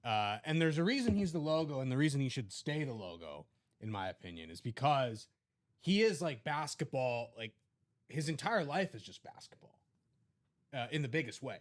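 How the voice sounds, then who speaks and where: A man's voice: mid-range voice, sing-song, normal speed. A man co-hosting a live stream, giving his opinions in casual, conversational sports banter. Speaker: co-host.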